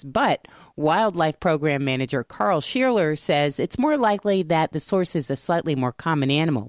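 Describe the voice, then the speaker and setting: Lively-voiced woman reading radio news. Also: low-pitched, no room sound, studio quality. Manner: punny, jokey asides. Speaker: news reader. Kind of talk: scripted radio news update.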